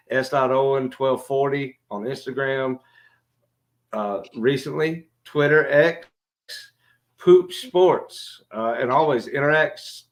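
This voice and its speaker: Laid-back podcast co-host. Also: male voice, medium pitch, fairly bright tone. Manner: laid-back, friendly, repeats himself. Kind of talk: casual sports podcast chat.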